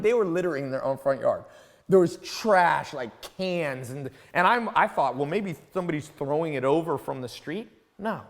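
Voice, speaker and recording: Blunt ranting man in a reverberant hall. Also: moderate pace. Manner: blunt, ranting, lively swings in pitch and loudness. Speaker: host of a mentoring live call. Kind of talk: animated off-the-cuff lecture.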